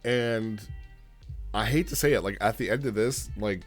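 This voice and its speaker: Man, low voice, reviewing casually, halting and rambling, faint music behind. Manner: rambling, halting, checks in with "right?". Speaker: roleplay log reviewer.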